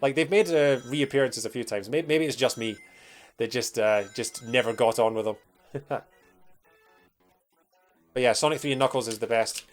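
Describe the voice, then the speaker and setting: A man's voice: medium pitch, moderate pace, long pauses, soft background music. Chatty Scottish man streaming a game. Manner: rambling, chatty, many fillers and restarts. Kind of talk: casual livestream chat while playing.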